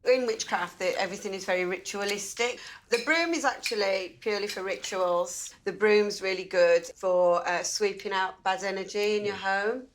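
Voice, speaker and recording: A woman's voice: medium pitch, normal speed, hardly any pauses. A woman, a dinner-party contestant, talking in an earnest explaining manner.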